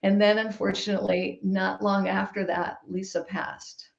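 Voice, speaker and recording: A woman guest telling a personal story in a podcast conversation, emphatic and lively. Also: mid-range voice, moderate pace, gravelly. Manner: animated, emphatic storytelling with laughs. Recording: roomy, dull-sounding recording.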